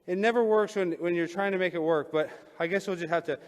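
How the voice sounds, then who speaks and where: Comedic male speaker, very high voice, shouted freestyle rap, long hall reverb. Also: fast. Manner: out of breath at first, then shouted sing-song rapping. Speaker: satirical speaker at council meeting. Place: council chamber.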